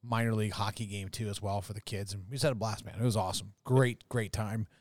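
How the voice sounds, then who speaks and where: Chatty guy host, lowish voice, lots of uh and you know, dry studio sound. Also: fairly even intonation, fast, dry recording. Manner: enthusiastic storyteller, frequent fillers. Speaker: podcast host. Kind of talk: casual chat.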